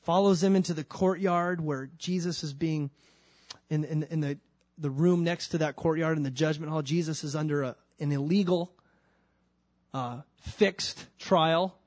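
A man's voice: a little high, fairly even intonation, unhurried, a little mellow, dry recording. Conversational male preacher, dry sound. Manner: conversational, emphatic storytelling. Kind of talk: sermon.

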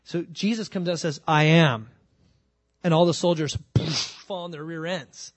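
A man preaching a sermon. He talks in an animated way and acts out the scripture scenes with quick shifts of voice. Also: on the high side, no echo. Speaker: pastor.

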